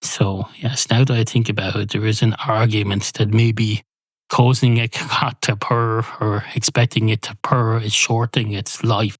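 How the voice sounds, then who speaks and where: A man hosting a podcast alone from a spare room at home, rambling through a deadpan, improvised comic monologue. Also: fairly low pitch, normal speed, dry recording. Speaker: podcast host. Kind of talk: rambling solo comedy monologue.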